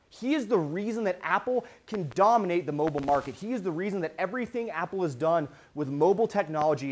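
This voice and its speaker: A young man giving a live keynote to students, telling stories in an animated way and acting out the reactions. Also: a little high. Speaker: motivational speaker. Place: event with a live audience.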